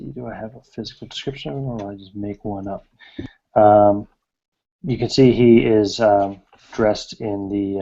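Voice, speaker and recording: Hesitant low-voiced man running a tabletop game. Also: creaky, mellow, muffled recording. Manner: hesitant, full of fillers. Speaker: game master.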